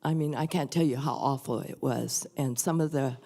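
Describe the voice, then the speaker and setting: An older woman reading a prayer and then sharing a personal story at a church service, soft and earnest. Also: extremely low pitch, moderate pace, creaky. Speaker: guest reader at a church service. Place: church sanctuary.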